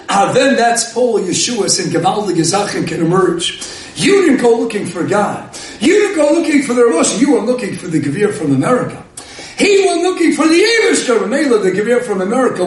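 Excitable high-voiced rabbi in an echoey hall. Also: male voice, recorded from a distance. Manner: animated, often shouting with excitement. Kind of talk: sermon storytelling.

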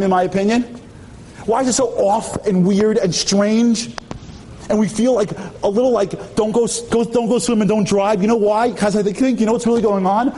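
A man's voice: high-pitched, mellow, slight background noise. A man giving a storytelling sermon with humor at a memorial tribute, emphatic, asking rhetorical questions and acting out dialogue. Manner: acts out dialogue with quick shifts of voice.

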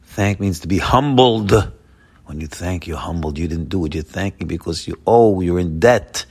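Husky, emphatic rabbi giving a Torah class. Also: male voice, normal speed. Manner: emphatic, swings from loud exclamations to low murmurs, repeats words.

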